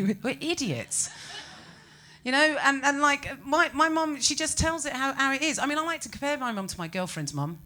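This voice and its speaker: A British woman performing a stand-up comedy set, ranting with incredulous, animated exclamations. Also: high-pitched, moderate pace. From Britain.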